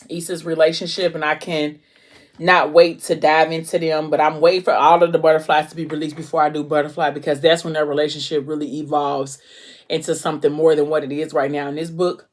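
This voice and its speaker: Young adult female book vlogger, animated storyteller, casual chat. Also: sits low. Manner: animated retelling, acting out the characters.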